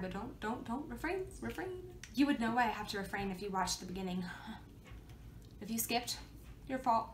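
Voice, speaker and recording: A bubbly, chatty woman hosting a casual beauty vlog, her voice sitting fairly high. She talks to herself as she goes. The room is roomy and echoey, with a faint hiss of background noise. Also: fairly bright tone. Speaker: beauty vlogger.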